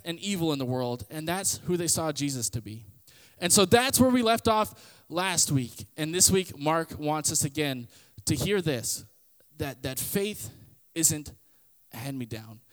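Guy with a high voice chatting through a bible story, laid-back and slangy, lots of reverb. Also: fairly bright tone, smooth. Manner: conversational, storytelling, paraphrases scripture in everyday slang. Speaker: podcast host and Bible teacher. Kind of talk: casual Bible teaching podcast.

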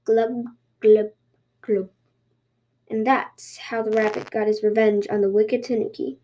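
A woman podcast host reading a folktale aloud in a lively storytelling way. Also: mid-range voice, moderate pace, slight background noise.

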